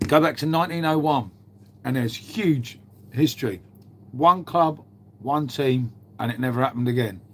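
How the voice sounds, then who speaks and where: A man's voice: mid-range voice, normal speed, slight background noise. A man, chatting casually on a live stream, swearing freely and bantering as he answers viewers' chat. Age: 50s.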